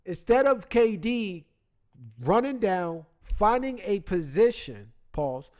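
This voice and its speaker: A man with a fairly high voice hosts a casual sports chat. He tells the story in an animated, slangy way, talking into his computer mic. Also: takes it slowly.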